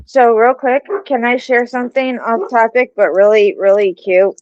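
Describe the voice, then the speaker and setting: A woman cheerfully sharing a quick story, speaking slowly with small pauses. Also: fairly high pitch, fairly even intonation, a little mellow, dry recording, muffled recording. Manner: cheerful, slow and halting. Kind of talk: casual chat.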